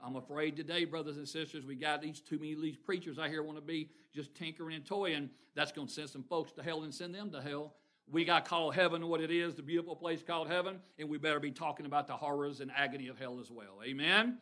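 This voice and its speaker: A man preaching a sermon with call-and-response, moving between loud exclamations and quiet asides to the congregation. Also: on the high side, fairly even intonation, quick pace.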